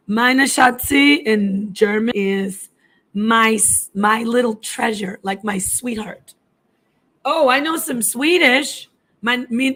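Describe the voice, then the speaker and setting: A woman in middle age talks casually to her live-stream viewers, her voice sitting a little higher than most. She is chatty and jumps between languages as she answers comments. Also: slow, fairly bright tone. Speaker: livestream host.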